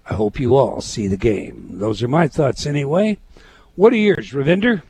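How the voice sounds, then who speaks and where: A man's voice: mid-range voice, animated, normal speed, dark tone, husky. A man hosting a talk show, musing on ideas and reading out listener letters. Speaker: radio show host.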